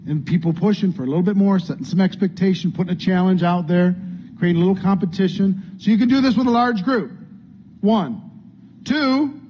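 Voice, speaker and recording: A man's voice: sits high, a little fast, slight background noise. A man coaching a training group, earnest and conversational, acting out what people might say. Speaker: business coach. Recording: dull lo-fi sound, faint room ambience.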